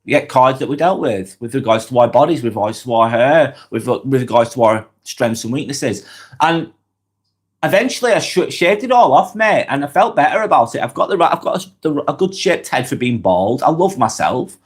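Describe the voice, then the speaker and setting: A man with a cold hosts a laid-back live vlog, his Lancashire accent marking him as from northwest England. Medium-pitched and animated at a normal speed, he reads viewers' comments aloud and answers them in a chatty, direct way.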